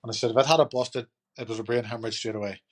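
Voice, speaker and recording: A man's voice: medium pitch, fairly even intonation, very fast. Chatty man telling a story. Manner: chatty, rambling, lots of "you know" and "turned around and says". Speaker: podcast guest. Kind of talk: casual storytelling.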